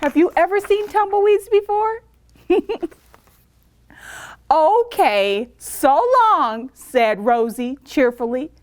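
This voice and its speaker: A woman's voice: sits high, no room sound, studio quality. A woman librarian reading a picture book aloud to children, stopping to ask them questions. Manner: animated, asks kids questions. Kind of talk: children's story time reading.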